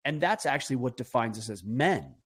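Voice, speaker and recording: Middle-aged man, podcast guest; earnest and forceful, asks rhetorical questions, mid-range voice. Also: medium pitch, very animated, a little fast, slightly rough. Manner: earnest, emphatic, builds arguments with rhetorical questions. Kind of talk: conversational podcast talk.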